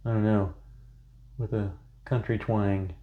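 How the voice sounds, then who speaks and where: A man's voice: fairly low pitch, little pitch movement, unhurried, phone-quality sound. A man chatting casually through a painting tutorial, rambling into self-joking asides as he works. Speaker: painting instructor.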